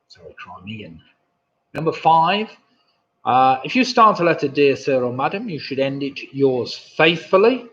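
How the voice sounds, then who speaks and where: A man's voice: mid-range voice, a bit bright. A man hosting a live pub quiz, reading questions with chatty, jokey asides. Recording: dull lo-fi stream audio.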